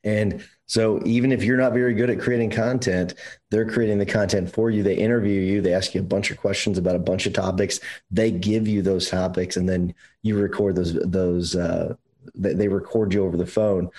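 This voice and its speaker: A man's voice: low voice, fairly even intonation, moderate pace, a little mellow, poor audio. A man co-hosting a podcast in casual chat, emphatic and swearing freely, his voice climbing when he presses a point. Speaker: podcast co-host.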